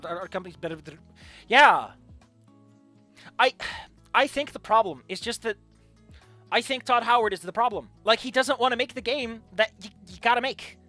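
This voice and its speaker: Opinionated game streamer, casual commentary, lively swooping pitch, faint game music behind. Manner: opinionated, ranting, restarts mid-thought.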